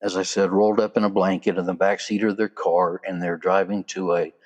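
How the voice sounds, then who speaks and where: A man with a low, deep voice hosts a solo podcast. He talks in a loose, chatty way, with casual asides along the way. The delivery sounds unscripted and conversational. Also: flat delivery, fairly quick. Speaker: podcast host.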